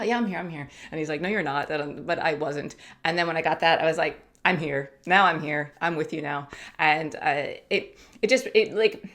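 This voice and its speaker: A woman in her thirties vlogging casually to camera, chatty and animated, acting out her own thoughts. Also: low voice. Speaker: YouTube coach and vlogger. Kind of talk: casual talking-to-camera vlog.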